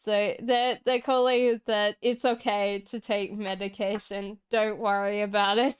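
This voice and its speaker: A woman's voice: medium pitch, little pitch movement, a little slow, clean tone. A woman doing a casual tarot reading on a live stream, chatty and reassuring, answering viewers from the chat and laughing often. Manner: talks straight to viewers in chat. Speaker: tarot reader.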